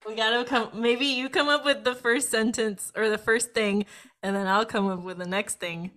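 A woman's voice: a little high, fairly even intonation, normal speed, a bit bright. A woman hosting a casual podcast chat, playful and giggly, egging her guest and co-host on.

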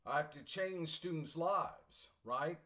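Man, college English instructor, blunt, rambling, repeats himself, slightly high voice. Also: slow pace, pushed and bright. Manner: rambling, repetitive, blunt, digresses into anecdotes. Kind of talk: recorded lecture to class.

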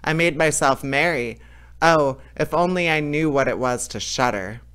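A man's voice: on the high side, moderate pace, fairly bright tone, clean tone, lightly acted. A man reading a storybook aloud, voicing a bold, cheerful young man who cannot learn to shudder. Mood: cocky. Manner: cheerful, unbothered, cocky.

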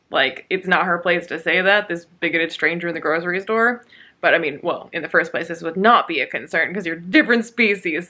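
Bright-sounding woman ranting sarcastically about a book, lots of likes and ums. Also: lowish voice. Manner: sarcastic, exasperated ranting with frequent fillers. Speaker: book vlogger. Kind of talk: casual reading vlog.

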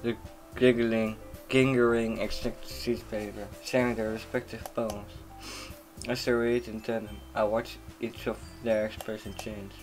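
A man's voice: on the low side, level tone, unhurried, soft background music, lightly acted. A man reading a nervous, self-doubting teenage boy's narration aloud in a plain, subdued voice. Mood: uneasy.

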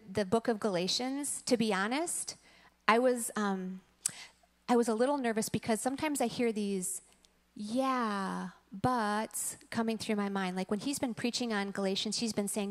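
A woman's voice: a little high, moderate pace, long reverb tail. A woman in her thirties or forties, a church teacher, telling a story in a sermon and acting out the quotes in it. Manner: animated storytelling, acts out quotes. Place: church sanctuary.

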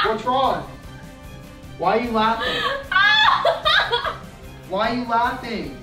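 A man's voice: extremely high pitch, animated, slow, long pauses, distant mic. A young man co-hosting a home vlog, rattled and repeating himself while pleading with his girlfriend. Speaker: boyfriend, co-host. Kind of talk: prank vlog, casual. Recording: roomy, off-mic, faint music.

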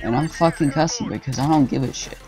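Young man ranting over gameplay, gravelly. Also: medium pitch, quick pace, darkish tone. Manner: frustrated, swearing, ranting at teammates. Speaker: gaming channel host. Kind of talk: casual gameplay commentary. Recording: game music and gunfire behind.

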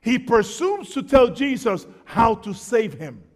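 A man preaching a fervent sermon as pastor, swinging from quiet talk to shouts and stumbling over repeated words. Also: very high-pitched, sing-song, a little slow, big-room sound.

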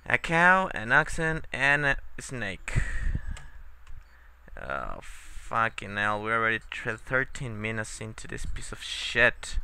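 A man's voice: on the low side, sing-song, slow, vocal fry, pushed and bright, clear, resonant tone. A young man giving casual, sarcastic let's-play commentary, swearing often and muttering in frustration at the game.

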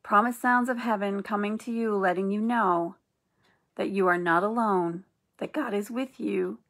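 A middle-aged woman hosting an inspirational channel, speaking in a gentle, earnest and reassuring way. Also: medium pitch, steady tone, normal speed. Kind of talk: encouraging spiritual talk.

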